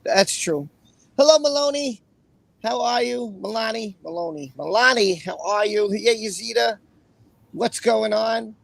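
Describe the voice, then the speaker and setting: A man's voice: high voice, a little slow, vocal fry, no room sound. A man hosting a casual livestream, greeting chat viewers by name in a chatty way. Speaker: livestream host.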